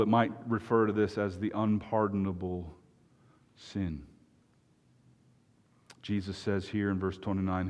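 A man preaching a sermon, earnest and emphatic, with long pauses. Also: low voice, darkish tone, big-room sound.

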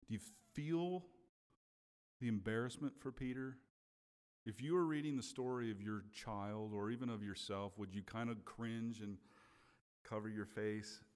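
A man's voice: on the low side, a little slow, darkish tone. A man preaching a sermon in a conversational way, often checking in with his listeners. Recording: long hall reverb.

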